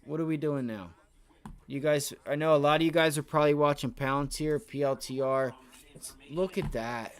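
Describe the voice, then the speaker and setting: Guy doing live day trading commentary from home, kinda high voice, cursing, talking to himself. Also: moderate pace, clean tone. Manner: excitable, swears, talks to himself and chat. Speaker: livestream day trader.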